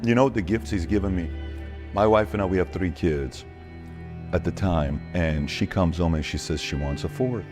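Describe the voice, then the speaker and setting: Very deep-voiced man telling a story. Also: normal speed, music in the background. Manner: animated storyteller acting out quoted dialogue. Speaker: interview guest. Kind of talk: personal storytelling in a podcast interview.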